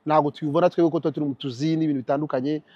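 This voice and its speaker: A young man from Rwanda giving advice as an interview guest, animated and quick to mimic other voices. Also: a little high, no room sound, dull audio. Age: young adult. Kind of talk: casual interview.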